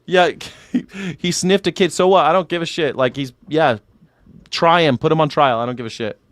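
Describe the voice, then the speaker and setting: A man hosting a casual political chat show, rambling, sarcastic and quick to swear. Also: a little high, dry recording. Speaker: host.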